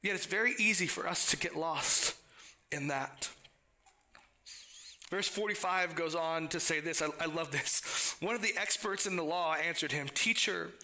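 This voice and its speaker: A man's voice: on the high side, normal speed, pushed and bright. A man preaching a sermon in a conversational way, with frequent restarts and playful asides. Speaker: pastor.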